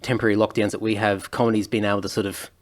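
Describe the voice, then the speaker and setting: A man hosting a podcast interview, reading from notes in a relaxed way with many ums. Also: fairly low pitch, racing. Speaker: podcast host.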